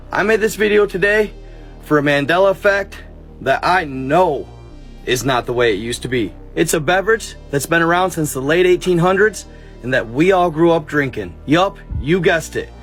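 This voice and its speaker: A man's voice: on the high side, fairly bright tone. A man narrating a story and chatting casually to his viewers, addressing them directly. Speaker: narrator and vlogger.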